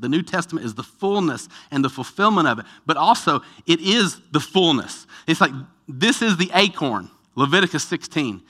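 Male pastor, bright ringing tone, earnest and emphatic, answering a question mid-sermon. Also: on the high side. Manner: earnest, builds in energy, emphatic repetition. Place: church with live stream.

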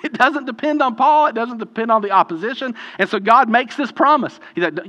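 A man's voice: very high voice, very animated, fast talker, few pauses, fairly bright tone. A man leading a group Bible study in an informal, conversational way, putting questions to the group. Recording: dull lo-fi audio with long room reverb.

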